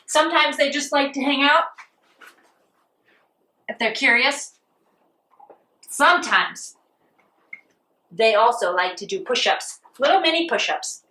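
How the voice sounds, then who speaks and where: A woman leading a playful children's yoga lesson, animated and sing-song as she talks to a child. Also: high-pitched, slow pace, pauses often, roomy sound, far from the mic, rough recording. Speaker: kids' yoga teacher. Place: outdoors on a farm.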